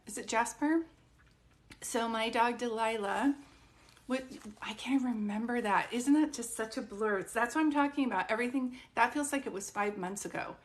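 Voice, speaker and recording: A woman psychic medium chatting casually and at length with viewers during a live stream. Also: on the high side. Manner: chatty and rambling, talking straight to viewers.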